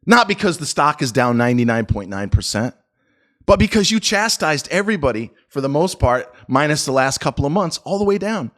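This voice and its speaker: A middle-aged man delivering a profane, combative stock market rant, swinging between loud jabs and low muttered asides. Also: very animated, a little fast. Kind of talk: ranting market commentary video.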